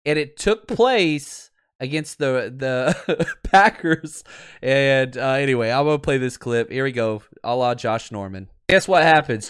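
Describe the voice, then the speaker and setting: Brief: chatty male livestream host, animated, quick to laugh, fairly high voice. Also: clean tone. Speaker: podcast host; teacher and football coach. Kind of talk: casual livestream chat.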